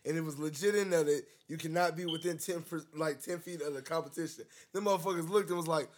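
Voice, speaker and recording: A young man casually telling a story to friends, animated and profane, laughing as he acts out what people said. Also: fairly high pitch, quick pace, a little hiss or hum.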